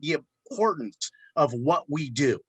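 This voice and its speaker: A man who runs a flower shop, telling a story in a relaxed interview with plenty of repeated words. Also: on the high side, unhurried, breathy edge, no echo. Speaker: florist and shop owner. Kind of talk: casual storytelling in a podcast interview.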